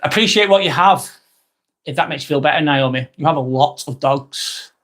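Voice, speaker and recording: A man's voice: a little high, normal speed, a bit bright. An English man hosting a live vlog, reading out chat comments in a casual, rambling way with repeats and fillers. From England. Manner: rambling, repeats himself, frequent ums.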